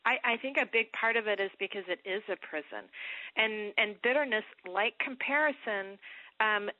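A woman author, a guest on a radio show, teaching from Scripture in a reflective, animated way. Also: medium pitch, dry recording. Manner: animated, reflective, quick bursts with laughs. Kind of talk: Bible teaching in an interview. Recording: tinny phone line.

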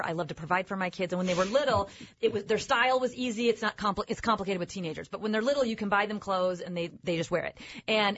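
A woman with a husky voice speaks as a guest on a faith talk show and tells personal stories with animation. The recording sounds somewhat dull and muffled. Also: lowish voice.

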